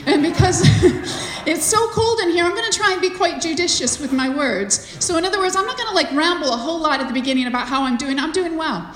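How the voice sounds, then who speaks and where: A woman with a high voice preaches to a congregation, chatty and animated, full of little fillers. Her voice rings out through a large church hall, with a long echo trailing after each phrase. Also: fairly quick. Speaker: visiting speaker. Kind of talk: sermon. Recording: echoey hall from a distance.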